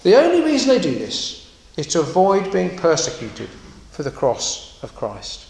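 A man preaching a sermon in a conversational, animated way, slipping into quoted voices and asides. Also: high voice, moderate pace, gravelly, reverberant, low-quality recording.

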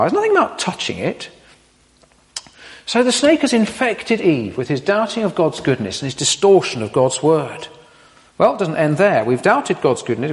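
A man preaches in an animated style, full of rhetorical questions and playful asides. His fairly high voice is gravelly and swings widely in pitch. A long hall reverb trails after every phrase. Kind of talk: sermon.

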